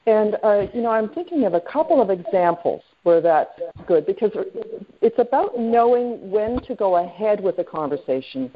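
A woman's voice: medium pitch, sing-song, moderate pace. A woman leading a sales training call, chatty and full of fillers, often checking in with her listeners. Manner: chatty, with many fillers and friendly questions to the group. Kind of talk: coaching talk on a conference call. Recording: tinny phone line.

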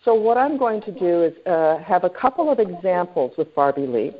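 A woman with a lowish voice coaches a group on a conference call, talking loosely with plenty of fillers and checking in with her listeners. Her voice comes through a tinny, phone-like line. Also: very animated, normal speed. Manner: chatty, with many fillers and friendly questions to the group. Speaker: sales trainer leading a group call.

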